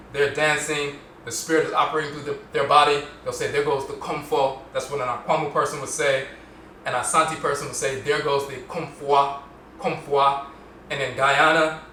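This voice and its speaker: A man hosting a solo podcast lecture, explaining at length and slowly repeating terms to show how they are pronounced. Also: fairly high pitch, sharp tone, a little hiss or hum. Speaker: podcast host. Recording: roomy echo, mic at a distance.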